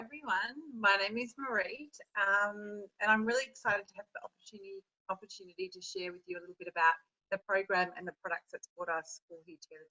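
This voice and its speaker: A woman's voice: mid-range voice, pushed and bright, highs cut off. A woman, presenting to an audience in a friendly way with frequent ums.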